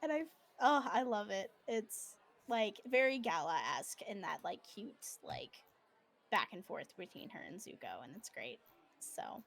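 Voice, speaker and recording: A woman's voice: mid-range voice, very animated, a little slow, creaky, fairly bright tone. A woman writer chatting on a live stream, bubbly, laughing often and full of fillers. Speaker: fan fiction writer, guest. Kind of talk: casual live-stream chat.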